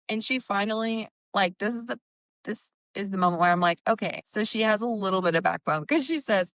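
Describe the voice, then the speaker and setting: Woman podcast host retelling a book plot, smooth clear voice, dry close mic. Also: mid-range voice, normal speed, no room sound. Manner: animated recapping, acts out quotes, swears. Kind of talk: casual book discussion.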